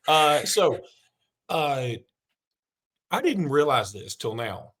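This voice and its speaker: A man's voice: on the high side, sing-song, slow pace, long pauses, a bit bright. A man hosting a casual sports podcast, joking and rambling through stories. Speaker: podcast host.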